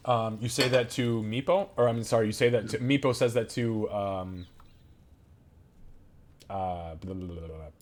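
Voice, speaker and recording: A man's voice: lowish voice, normal speed, long pauses, slight background noise. Laid-back man running a tabletop game. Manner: casual, quietly joking, fillers and swearing. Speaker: game master.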